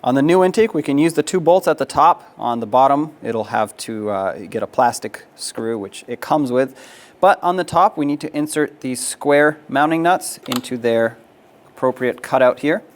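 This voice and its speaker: A man's voice: medium pitch, animated, moderate pace. Plain-spoken man explaining car repair. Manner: practical and step-by-step, with frequent "uh" fillers. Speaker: auto repair instructor. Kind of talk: instructional how-to narration.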